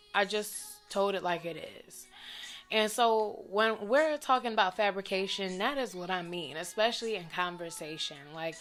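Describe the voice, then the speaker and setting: Young woman, vlogger, bright sharp voice, blunt, profane, animated storytime, faint background music. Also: mid-range voice. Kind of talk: casual storytime rant to camera.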